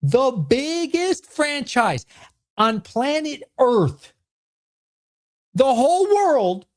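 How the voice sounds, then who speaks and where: A man in his thirties hosting a livestream Q&A, excitable and swearing often as he rants at his chat. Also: extremely high pitch, very slow. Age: 30s. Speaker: streamer host.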